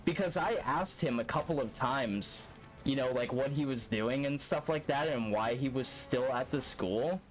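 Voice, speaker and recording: A man's voice: medium pitch, normal speed, soft background music. A young man streaming a speedrun, telling a long story in a rambling, profane, laid-back way. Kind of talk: casual storytelling while gaming live.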